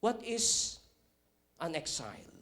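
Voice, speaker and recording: A male preacher with a Filipino accent tells a joke from the pulpit. His voice sits a little high for a man and swings up and down a lot. He checks in with his listeners often as he goes. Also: slow pace, over loud music. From Philippines. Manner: animated storytelling, checks in with repeated "right?". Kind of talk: sermon with a told joke.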